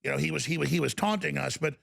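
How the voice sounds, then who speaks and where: Man, talk show host, gravelly, husky, high for a man, ranting monologue. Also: rapid-fire, a bit bright. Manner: ranting, mocking, indignant.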